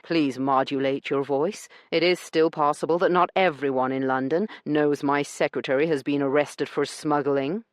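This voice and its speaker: A man's voice: a little high, fairly even intonation, moderate pace, hardly any pauses, no room sound, close to an everyday voice. A man voicing a cold, haughty aristocratic duke who speaks in a cool, clipped way. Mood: icy.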